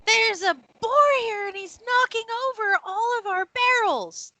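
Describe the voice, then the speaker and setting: A woman's voice: very high-pitched, a little slow, sharp tone, dry recording, voice pushed up, exaggerated voice. A woman voicing a flustered elven man calling out in alarm at a farm.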